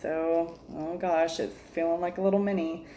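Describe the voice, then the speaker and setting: A woman's voice: lowish voice, level tone, moderate pace, mellow, a little hiss or hum. A woman reviewing a jewelry subscription in a casual vlog, joking, exasperated, laughing often and calling her viewers y'all.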